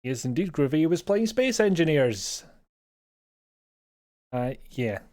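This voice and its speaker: A man's voice: fairly high pitch, expressive, slow, pauses often. A man with a Scottish accent chatting casually to viewers as a game streamer, rambling and self-mocking and chuckling often, at a home streaming setup on a desk microphone. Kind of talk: casual live-stream chat.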